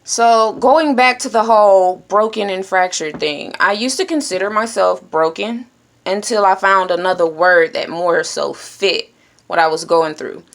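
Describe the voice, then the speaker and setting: A woman talks straight to her listeners in a motivational monologue. She is blunt and preachy, and she checks in with a questioning "hmm?" between points. Her voice sits at an ordinary middle pitch. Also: a little slow. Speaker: self-help speaker.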